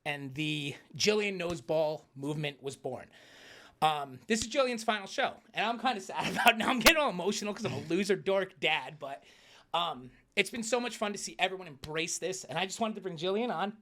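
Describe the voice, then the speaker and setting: A man's voice: high voice, expressive, very noisy. A man co-hosting a casual sports talk show, joking about himself in an upbeat way. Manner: fast, upbeat, self-deprecating joking.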